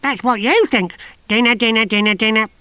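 A man voicing a wiry old woman who chants in a shrill, sing-song way, read as an audiobook. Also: fairly quick, bright, forceful tone, clean tone, dry recording. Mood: gleeful.

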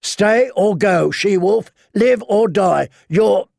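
A man's voice: high-pitched, expressive, slow, gravelly, darkish tone, no room sound, studio quality, voice pushed up, full character voice. A man voicing a brutal, battle-hardened warrior who growls and barks his words with contempt. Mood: scornful. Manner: growling, barked orders.

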